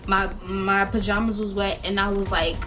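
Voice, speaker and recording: A young woman casually retelling a personal story in a lively vlog, full of slang and dramatic quoted voices. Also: mid-range voice, moderate pace, background noise. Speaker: storyteller vlogger.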